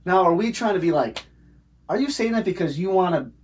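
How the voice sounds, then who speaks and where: A man's voice: high-pitched, animated, a little fast, a little hiss or hum. A man co-hosting a podcast, rambling casually, teasing his co-host and swearing now and then. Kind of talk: casual chat.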